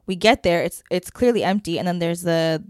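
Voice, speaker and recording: A woman's voice: fairly low pitch, fairly quick, dry recording, studio quality. A woman co-hosting a podcast, telling a travel story in casual chat and acting out the people in it. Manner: animated, acts out the people in her stories. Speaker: podcast co-host. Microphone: podcast microphone.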